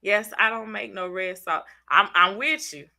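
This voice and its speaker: A woman's voice: medium pitch, measured pace, vocal fry, sharp tone. A congested woman with a Southern US accent, hosting a casual live stream, chatting in slang and teasing viewers by name. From Southern United States. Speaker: channel host reading live chat.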